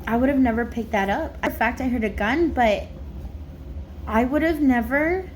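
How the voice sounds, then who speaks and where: On camera, a woman psychic medium with a fairly high voice delivers a loose, rambling spirit reading at a moderate pace, stuffed with fillers and chatty in tone. Faint background noise can be heard.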